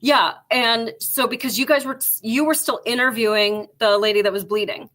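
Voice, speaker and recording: A woman hosting a casual live show, spinning a blunt work story with a bright, forceful tone. Her voice sits a little high for a woman and is peppered with "like." She speaks as a former police officer looking back. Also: normal speed. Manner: animated, blunt storytelling with frequent "like".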